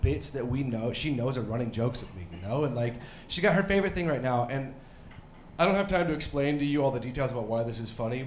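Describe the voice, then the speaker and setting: A man in his thirties performing a stand-up comedy set, rambling and self-deprecating, now and then breaking into mock yelling. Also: medium pitch, slight background noise. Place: comedy club stage. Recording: roomy club with faint crowd ambience.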